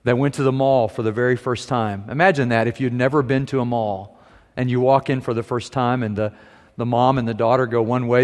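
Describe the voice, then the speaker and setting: Man, pastor, sermon, humorous storytelling, long sanctuary reverb. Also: mid-range voice. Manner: storytelling with humor, varied pace and volume. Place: church sanctuary.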